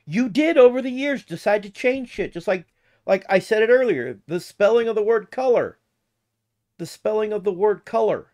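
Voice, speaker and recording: A man's voice: high-pitched, animated, moderate pace, a little mellow. A man from the United States giving casual reaction commentary, profane and mocking, rambling as he goes. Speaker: reaction video host.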